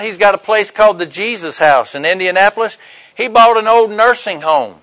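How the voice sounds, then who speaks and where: A man's voice: sits high, low-quality recording. A man preaching, telling stories and acting out the dialogue in his sermon. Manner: animated storyteller acting out dialogue. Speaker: pastor. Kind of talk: sermon storytelling.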